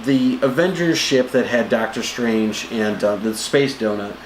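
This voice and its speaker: A man co-hosting a casual movie review, animated, jumping into high voices to act out scenes. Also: unhurried. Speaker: co-host of a movie review show. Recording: echoey room with faint noise.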